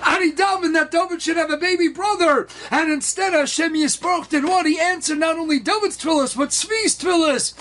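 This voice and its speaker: With a very high voice and a brisk delivery that hardly pauses, a man who is a rabbi tells a story like a lively sermon. He performs the children's voices and weaves Hebrew and Yiddish words into his telling.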